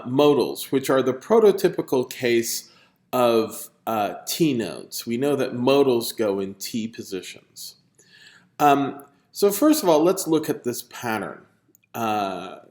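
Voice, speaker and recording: A man's voice: mid-range voice, darkish tone, echoey room. A man giving a recorded video lecture, explaining step by step and stressing key terms, with frequent fillers and restarts. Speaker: linguistics lecturer.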